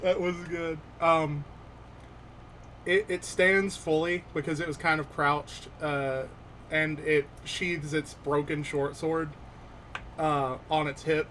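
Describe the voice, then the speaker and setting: A man running a tabletop session as game master, narrating slowly with many pauses and fillers. His voice sits slightly high, with a faint hiss in the background. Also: flat delivery, a bit bright, rough recording. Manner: hesitant, filler-heavy narration.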